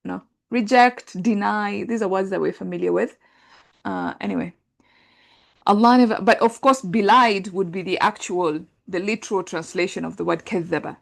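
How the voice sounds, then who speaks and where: A woman teaching an Arabic grammar class, talking through translations in a relaxed conversational way with many fillers. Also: mid-range voice, moderate pace, gravelly. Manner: explains patiently, thinks aloud with many fillers; reads translations aloud and compares them.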